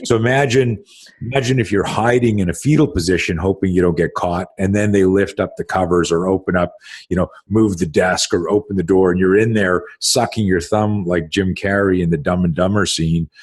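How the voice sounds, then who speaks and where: A man's voice: low voice, fairly even intonation, fairly quick, husky. A man hosting a podcast as a self-defense instructor, talking in an emphatic, profane, casual way with many restarts.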